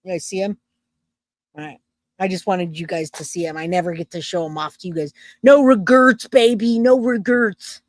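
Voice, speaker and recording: A woman's voice: fairly low pitch, fairly even intonation, brisk, pauses often, darkish tone, no echo. A woman hosting a true crime livestream, chatting loosely with her viewers and reading comments aloud. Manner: loose and chatty, self-interrupting, laughs easily.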